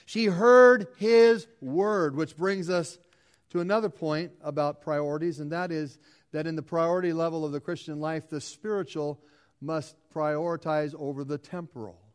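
A middle-aged man delivers a sermon from the pulpit. His voice sits a little high for a man. He stacks up repeated phrases and leans into them for emphasis. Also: fairly even intonation, normal speed, a little mellow, smooth. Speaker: pastor.

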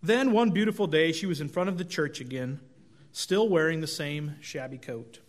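A middle-aged male pastor delivers a relaxed, conversational sermon. He tells folksy stories and pokes fun at himself. His voice sits a little high for a man. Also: normal speed. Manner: conversational, self-deprecating, folksy storytelling.

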